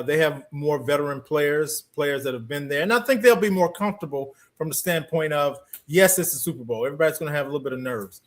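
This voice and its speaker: A man on a sports talk radio show, giving measured analysis of a championship game. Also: on the high side.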